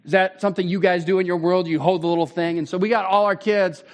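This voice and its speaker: A man in his thirties preaching a sermon as pastor, conversational and animated with sudden loud bursts. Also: high voice, quick pace.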